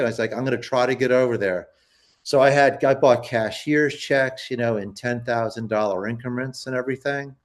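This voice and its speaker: A man's voice: mid-range voice, a little fast. A man, a poster collector, telling a long story in a casual interview, rambling with many restarts and acting out quoted people.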